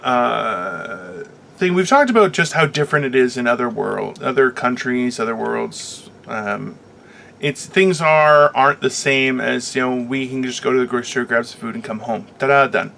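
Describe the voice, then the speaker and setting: A man's voice: mid-range voice, moderate pace, creaky, bright, forceful tone, slight background noise. A man hosting a comedy podcast in a casual rant, rambling through stories with lots of fillers and restarts, and teasing his co-host playfully. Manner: rambling, filler-heavy storytelling.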